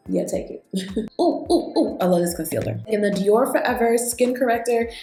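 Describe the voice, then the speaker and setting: A chatty woman vlogger talks through her makeup routine and tells lively stories straight to the camera. Her voice sits in a middle register and rings out in an echoey room, with faint music behind her. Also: mid-range voice, a little slow. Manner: chatty, animated storyteller, talks straight to viewers. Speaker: beauty vlogger. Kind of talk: casual chat while doing makeup.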